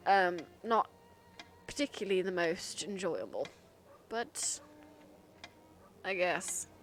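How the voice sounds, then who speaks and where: A woman with a Black Country accent, chatting casually as she plays a game on stream and thinks out loud. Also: on the low side, sing-song, slow pace, soft background music. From England. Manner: chatty, thinking aloud with fillers. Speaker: gaming streamer. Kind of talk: casual gameplay commentary.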